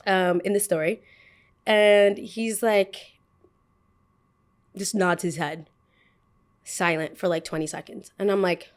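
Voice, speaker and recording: Young woman rambling through a storytime, lots of likes and ums, dramatic. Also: mid-range voice. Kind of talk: casual storytime chat.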